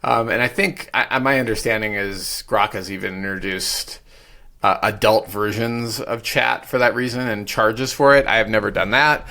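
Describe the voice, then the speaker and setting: A man's voice: on the low side, fairly even intonation, normal speed, sharp tone. A man co-hosting a casual real estate podcast, chatty and rambling with frequent restarts. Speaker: podcast co-host.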